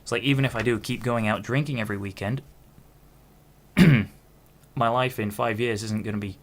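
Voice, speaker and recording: A man's voice: mid-range voice, fairly even intonation, moderate pace. A man in his twenties hosting a podcast, talking in a rambling, self-interrupting solo monologue with casual swearing. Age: 20s. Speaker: podcast host.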